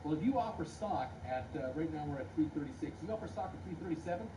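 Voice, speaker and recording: A man giving live stock market commentary, reading viewer comments in a brisk, plainspoken way with frequent "uh"s. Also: a little high, expressive. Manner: brisk, plainspoken, hesitant with many "uh"s. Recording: distant voice with clear background noise.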